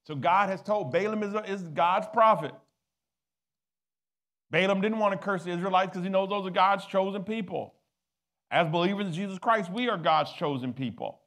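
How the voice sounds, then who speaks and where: High-voiced preaching man. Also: normal speed. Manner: preaching, rising to loud exhortation, calling for responses. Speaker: pastor. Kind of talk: sermon with audience call-and-response.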